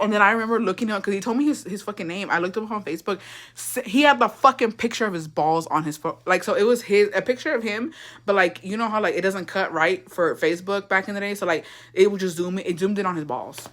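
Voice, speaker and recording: A woman's voice: medium pitch, quick pace, fairly bright tone. A young woman telling a story in a casual, rambling way, swearing a lot and slipping into Spanish. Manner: profane, rambling, switches into Spanish. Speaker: vlogger.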